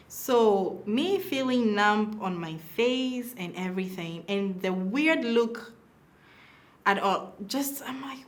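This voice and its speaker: Animated woman telling a personal story. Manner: animated, acts out quoted dialogue with big pitch swings. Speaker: mother telling her birth story.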